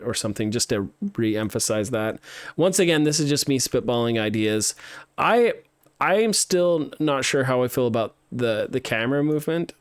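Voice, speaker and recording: A man's voice: medium pitch, normal speed, dry recording. Chatty man playtesting a game live. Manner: chatty, thinks aloud, many fillers and restarts. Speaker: streamer playtesting student games.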